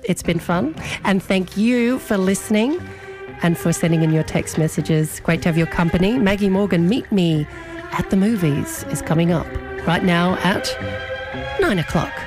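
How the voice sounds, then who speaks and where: A woman hosts a local radio show in a lightly lowered voice. She chats casually and fondly, with music faintly playing underneath. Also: normal speed. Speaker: radio host.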